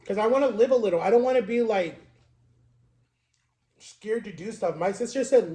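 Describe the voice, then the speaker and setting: A man's voice: high-pitched, moderate pace, pauses often, warm tone. A man in his thirties talking casually to the camera in a personal vlog, rambling and confessional with lots of filler words. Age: 30s. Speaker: vlogger.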